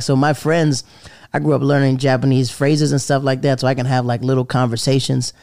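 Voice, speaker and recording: A man's voice: medium pitch, flat delivery, fairly quick, gravelly, a little mellow, no room sound, studio quality. A man who is a stand-up comedian, talking casually and rambling with lots of "like" fillers as he acts out the people in his stories. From American South. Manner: rambling, loaded with "like", acts out quoted voices. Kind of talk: casual storytelling chat.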